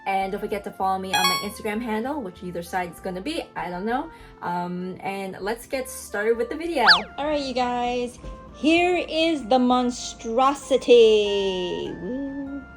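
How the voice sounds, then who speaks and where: A woman's voice: mid-range voice, normal speed, over loud music. A young woman in a casual home vlog, chatting through an unboxing with lots of fillers and asides to her pets. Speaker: beauty vlogger. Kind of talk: casual product review vlog.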